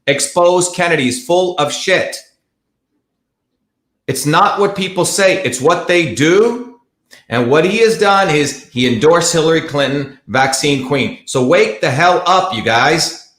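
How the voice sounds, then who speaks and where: A man's voice: on the high side, expressive, unhurried, a bit bright. A man hosting a live online show, talking bluntly and combatively in heated, repetitive commentary. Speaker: livestream host. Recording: echoey room.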